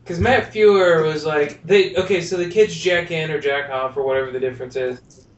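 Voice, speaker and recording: Male podcast co-host, rambling and jokey, recorded from across the room on a muffled mic. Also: normal speed. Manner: rambling, laughs often, acts out lines. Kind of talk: casual movie review chat. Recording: distant roomy lo-fi mic with faint rumble.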